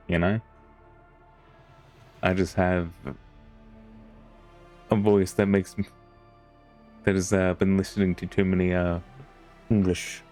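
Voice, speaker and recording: Deep-voiced male streamer reading a game. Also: darkish tone. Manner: casual, chatty asides with chat.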